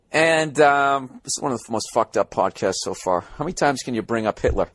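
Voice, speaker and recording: A man's voice: a little high, animated, brisk, few pauses, no room sound. An American man hosting a podcast in a hotel room, ranting in a sarcastic, profane comedic monologue. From United States. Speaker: podcast host.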